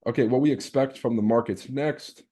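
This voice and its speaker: A man with a warm, medium-pitched voice speaks at normal speed while hosting a live trading stream. Casual and brash, he teases as he reads the chat and swears freely.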